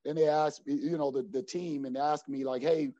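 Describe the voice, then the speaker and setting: A middle-aged man coach telling an earnest story of faith in an interview, lively at times and often dropping to a low quiet voice. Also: brisk, no room sound. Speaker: basketball coach. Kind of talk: personal faith testimony in an interview. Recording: dry, slightly dull sound.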